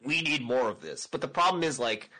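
A man chatting casually as a podcast co-host, animated and often repeating words as he starts a sentence. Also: medium pitch, fairly quick, low-quality recording. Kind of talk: casual chat.

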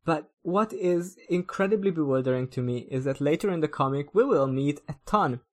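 A young man co-hosting a podcast, musing aloud in casual chat with halting restarts and easy laughter. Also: on the high side, lively intonation. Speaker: podcast co-host.

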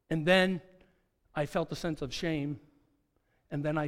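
A man's voice: high voice, measured pace, vocal fry, long pauses, fairly bright tone. A man preaching a sermon, dramatic, asking rhetorical questions and acting out quoted dialogue. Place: church sanctuary. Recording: long hall reverb.

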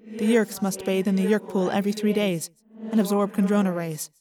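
A woman's voice: medium pitch, fairly even intonation, brisk, over music, close to an everyday voice. A woman voicing a grave, polite young male alien who speaks in precise, formal sentences without contractions.

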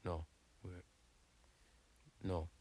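An actor playing a dim, easily flustered Canadian hoser on a comedy album, rambling and bickering with lots of fillers in a Canadian accent. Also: male voice, deep voice, level tone, drawn-out words, warm tone, heavily acted. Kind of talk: improvised comedy album sketch.

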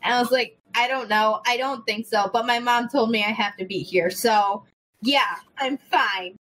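A young woman telling a story in casual chat, animated, swearing freely and acting out the people in it. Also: a little high, normal speed, low-quality recording. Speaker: podcast host.

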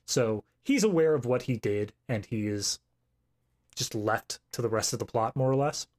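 A man's voice: mid-range voice, normal speed, darkish tone. Wry man co-hosting a podcast. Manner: wry, dry jokes. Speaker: podcast co-host. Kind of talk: casual film review chat.

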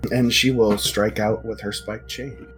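A man narrating as game master of a tabletop game, casual and halting. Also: on the low side, flat delivery, loud music behind the voice, rough recording.

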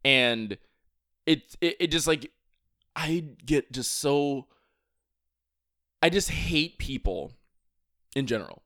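A man's voice: on the high side, expressive, slow pace, pauses often, bright, forceful tone, no room sound, studio quality. A young man co-hosting a podcast, ranting in casual chat, restarting his sentences a lot and swearing often. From Virginia. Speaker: podcast co-host.

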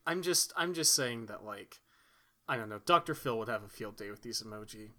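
A young man from Texas co-hosting a casual comedy podcast, rambling and joking and quick to laugh. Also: fairly low pitch, lively intonation, bright, forceful tone. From Texas, United States. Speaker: podcast co-host.

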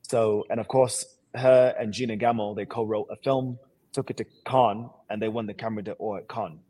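A man's voice: lowish voice, steady tone, normal speed, mellow, no room sound. A man from Sierra Leone speaking with a put-on English accent, an actor talking energetically and boastfully as a guest co-host. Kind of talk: casual interview chat.

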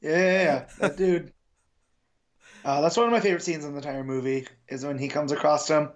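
An American man co-hosting a podcast, chatting casually about a film and sometimes bursting into excitement. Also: on the high side, a little fast. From United States. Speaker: podcast co-host. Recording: dull lo-fi mic.

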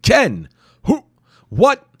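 A man voicing a flustered, nervous male doctor companion who speaks in a high, hurried voice. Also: huge pitch swings, husky, no echo, clean studio sound, heavily acted. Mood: panicked.

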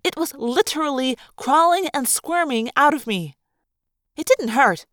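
A woman reading a first-person story aloud with animated, dramatic expression. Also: high-pitched, a little slow, no room sound, clean studio sound. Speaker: audiobook reader.

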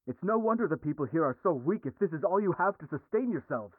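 Guy doing a haughty monster dude, grand and indignant, kinda high, tinny radio sound. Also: animated, rapid-fire, dry recording. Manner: pompous, indignant, formal. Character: haughty inhuman male creature, demanding.

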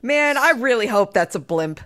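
Podcast co-host, woman with a slightly high voice, blunt, swears freely. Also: animated, normal speed, fairly bright tone. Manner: blunt, profane. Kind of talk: casual comic chat.

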